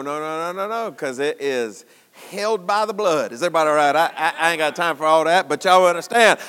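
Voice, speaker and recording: A man preaching a sermon in a church, folksy, at times shouting and at times dropping low. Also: smooth, in a large hall.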